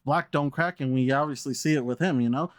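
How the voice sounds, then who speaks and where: A man's voice: medium pitch, a little fast, no echo, clean studio sound. A man co-hosting a casual podcast, blunt and insistent, often laughing along. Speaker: podcast co-host. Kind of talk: casual wrestling podcast chat.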